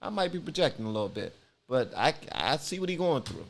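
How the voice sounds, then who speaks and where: Man, reaction host, gravelly, swinging pitch, laid-back and slangy. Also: very animated, brisk. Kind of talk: casual reaction commentary.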